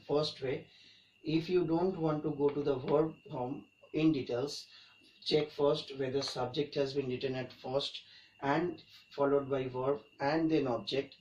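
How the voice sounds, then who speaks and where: In an echoey room with a faraway mic and faint background noise, a male teacher works through English grammar, repeating each point for emphasis. His explaining is emphatic and full of restarts, his voice fairly high with a darkish tone.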